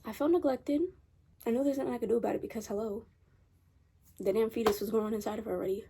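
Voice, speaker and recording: A woman's voice: on the high side, steady tone, fast talker, vocal fry, background noise. A teenage girl chatting casually in a rambling storytime vlog, repeating herself as she goes. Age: teens. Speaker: vlogger. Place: bedroom at night.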